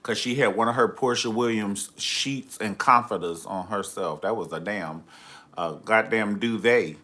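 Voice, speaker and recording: A man's voice: lowish voice, a little slow, pushed and bright. A man hosting a live reality TV review, talking in a sassy, campy, gossipy way. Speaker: host of a live review show.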